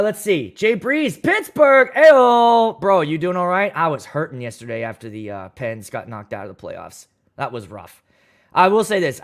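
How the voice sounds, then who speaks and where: Joking, rambling man hosting a livestream. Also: on the high side. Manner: loose, joking and rambling, with crude humor. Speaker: DJ and livestream host. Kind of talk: casual livestream chat, reading viewer comments. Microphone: studio microphone.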